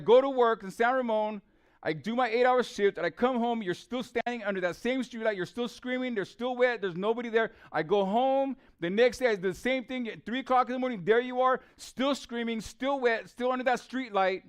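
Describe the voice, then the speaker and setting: A man delivers a testimony sermon with fervent repetition. His voice sits high and rings smooth and clear. He moves between hushed storytelling and loud pleading. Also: normal speed. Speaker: preacher.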